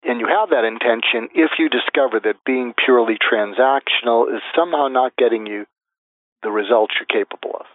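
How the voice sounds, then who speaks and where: A man being interviewed as a guest expert, calmly laying out a method step by step and acting out example phrases. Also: medium pitch, fairly quick, dry recording. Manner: methodical, lists numbered steps, acts out example phrases. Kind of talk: interview answers, explaining step by step. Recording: tinny phone-like line, dry.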